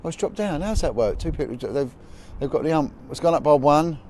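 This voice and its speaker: Chatty man with a mellow voice. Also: on the high side, animated, a little fast. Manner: chatty, rambling, greets viewers by name. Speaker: livestream host. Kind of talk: casual livestream chat. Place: outdoors on a high spot above the city at sunset. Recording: outdoor phone audio with faint traffic noise.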